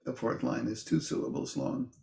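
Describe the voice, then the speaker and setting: An older man teaching an informal poetry class. He talks in a thoughtful, halting way with many restarts and fillers. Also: fairly even intonation, gravelly, a little mellow, roomy sound. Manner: livelier and higher when reading verse aloud.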